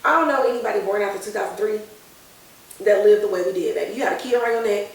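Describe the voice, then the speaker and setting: A woman podcast host giving a casual, animated, slangy recap of a TV episode. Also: medium pitch, fast, distant mic. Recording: very echoey room, off-mic.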